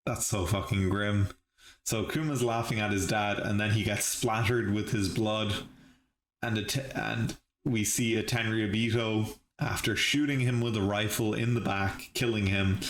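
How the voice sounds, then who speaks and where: A low-voiced man hosts a live reaction, thinking aloud as he recaps. He restarts sentences often and breaks into laughs. The sound is roomy and echoey, with a faint hiss underneath. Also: steady tone, a little slow. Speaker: channel host reviewing episodes.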